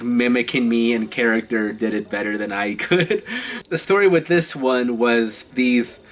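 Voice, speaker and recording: Chatty young man telling theatre stories. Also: mid-range voice. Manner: chatty and halting, often laughing between phrases. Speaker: vlogger. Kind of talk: casual storytime vlog.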